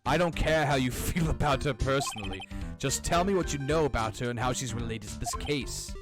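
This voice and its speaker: A man voicing a stern, cold male prosecutor with a deep, clipped, disdainful delivery while reading game dialogue aloud. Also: animated, fairly quick, over music, lightly acted.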